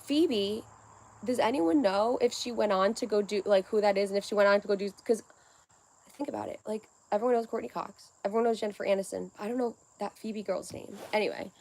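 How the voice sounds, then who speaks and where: A woman's voice: mid-range voice, a little fast, darkish tone. A young woman hosting a livestream, chatting casually and rambling as she reads viewer comments aloud, swearing freely. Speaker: livestream host.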